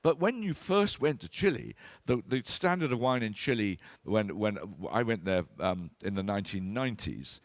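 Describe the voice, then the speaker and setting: A man's voice: on the low side, normal speed, no echo. An older man, giving an enthusiastic, anecdotal talk as a wine expert. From Britain. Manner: enthusiastic storyteller, animated, acts out voices.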